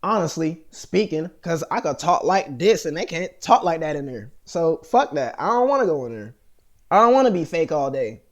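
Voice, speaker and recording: Rambling, profane American man, slightly high. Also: very animated, normal speed. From United States. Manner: profane, rambling, heavy with fillers and restarts. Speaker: vlogger. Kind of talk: rambling monologue to camera.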